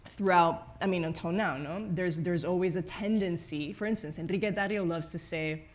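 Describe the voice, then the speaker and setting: A fairly low-voiced woman in her thirties with a Spanish accent from Spain, talking through ideas as a conversation guest. She keeps checking in with "no?" and starts her sentences over as she thinks aloud. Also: normal speed. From grew up in Madrid, Spain. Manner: frequent tag "no?", many restarts. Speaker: journalist and author guest. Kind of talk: conversational book talk. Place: event stage before audience.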